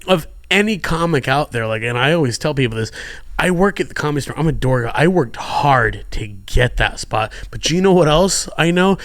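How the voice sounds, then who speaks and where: Dry-voiced comedian telling stories. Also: male voice, fairly high pitch, moderate pace, dry recording. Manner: animated storyteller who swears freely. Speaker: comedian guest. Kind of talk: casual podcast chat.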